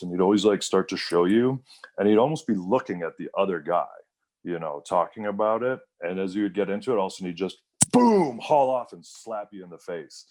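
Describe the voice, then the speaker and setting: A man's voice: low voice, lively intonation, fairly quick, darkish tone. A man in his thirties, a wrestler guest, telling rambling stories in a casual interview, full of fillers and quoted voices.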